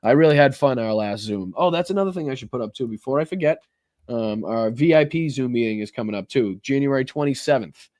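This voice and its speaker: A man's voice: mid-range voice, fairly quick, a little mellow, no echo. A man hosting a casual political livestream, thanking viewers for donations in a rambling, profane way with many fillers and restarts. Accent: American. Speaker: livestream host.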